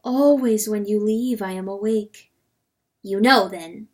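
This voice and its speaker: A woman's voice: medium pitch, takes it slowly, a little mellow, lightly acted. A woman voicing an anxious, devoted hen wife who begs her mate to stay, in an imploring, urgent manner. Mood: insistent.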